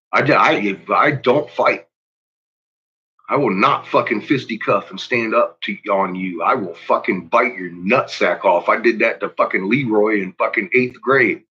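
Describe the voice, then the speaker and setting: A man's voice: fairly low pitch, pushed and bright, husky. A man ranting casually into his vlog, swearing heavily and laughing often. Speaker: vlogger. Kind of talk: casual profane rant. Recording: dull lo-fi recording.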